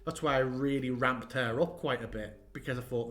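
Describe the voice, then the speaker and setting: A man and game master, chatting casually and animatedly about a finished campaign, acting out quotes as he goes. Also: medium pitch. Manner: animated, quick, swearing, acts out quotes. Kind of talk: casual chat looking back on a campaign.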